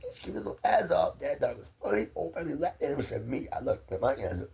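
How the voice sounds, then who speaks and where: A man's voice: on the high side, wildly swooping pitch, fast, creaky, dark tone, husky. A man rambling through a profane, emotionally volatile personal monologue to his camera. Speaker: vlogger.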